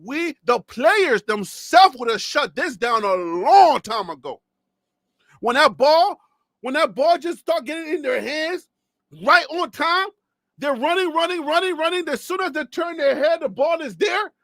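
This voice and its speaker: A man from Liberia ranting on a live sports stream, animated and mocking, dropping to low asides and rising to shouts while losing his voice. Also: a little slow, dry recording, studio quality. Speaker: sports commentator.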